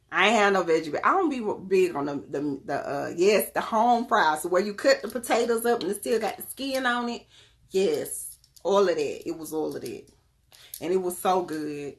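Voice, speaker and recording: A woman chatting casually and directly to her viewers, lively and often laughing as she talks. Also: lowish voice. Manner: talks straight to the audience. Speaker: wellness vlogger.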